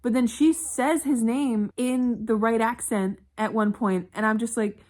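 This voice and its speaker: A young woman talking casually at home in a reading vlog, candid and quick to swear and laugh. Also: fairly high pitch, fairly even intonation, darkish tone. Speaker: book vlogger.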